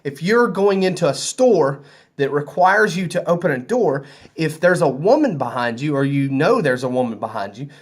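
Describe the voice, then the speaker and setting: A man with a Southern US accent chats to camera in a loose, rambling way, his voice sitting a little high. He sounds easygoing and conversational, like he is talking to friends from a hotel room. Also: sing-song, moderate pace, husky. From American South. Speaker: vlogger. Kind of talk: casual storytelling to camera.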